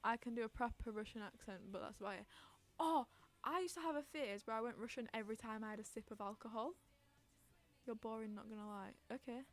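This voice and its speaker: A woman's voice: fairly high pitch, fast talker, faint music behind. A young woman hosting a casual chat podcast on stream, rambling, giggling and reading out chat messages.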